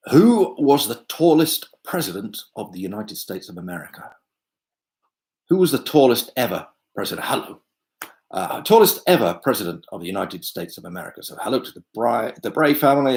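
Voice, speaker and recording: A man's voice: mid-range voice, sing-song, fairly quick, darkish tone, rough recording. A man hosting a pub quiz from home on a video call, chatting and joking with lots of fillers. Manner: chatty, jokey asides, many fillers. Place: home room.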